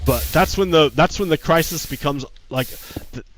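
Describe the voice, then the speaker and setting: A man's voice: a little high, moderate pace, faint music behind. A man talking casually on a livestream, heated and profane, often repeating himself. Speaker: streamer.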